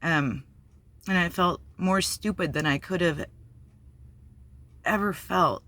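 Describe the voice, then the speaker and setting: A woman's voice: fairly low pitch, slow pace, a bit bright, no echo. A woman candidly telling a personal story on her vlog, blunt and profane, with many fillers. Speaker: vlogger.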